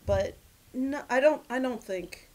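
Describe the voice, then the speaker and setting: A woman's voice: high-pitched, unhurried, mellow. A woman cast member chatting casually on a fan panel, reflective and giggly. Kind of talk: casual group chat.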